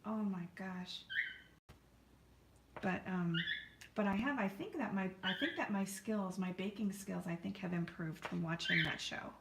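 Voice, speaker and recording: A woman's voice: mid-range voice, measured pace, gravelly, roomy sound, heavy background noise. An American woman hosting a live painting stream from her art studio, chatting and rambling in a friendly way to viewers as she paints. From United States.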